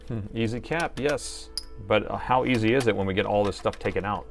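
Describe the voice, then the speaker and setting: A man's voice: on the low side, fairly quick, gravelly, faint music behind. A middle-aged man hosting a live repair stream, chatting and thinking aloud as he works and joking with his viewers. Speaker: host and laptop repair technician.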